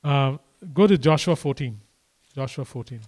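A man preaching a conversational sermon, swinging between quiet and emphatic delivery and speaking to the crowd as "guys" and "man". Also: medium pitch, normal speed. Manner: addresses listeners casually as "guys" and "man".

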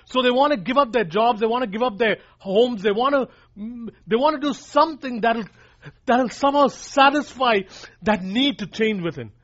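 A man with a notably high voice delivers an emphatic sermon, restating his key points and speaking straight to the congregation as "guys." The recording is dull and lo-fi, with the top end muffled. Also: moderate pace, a bit bright. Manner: emphatic, repeats lines for emphasis, addresses listeners as guys. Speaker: preacher.

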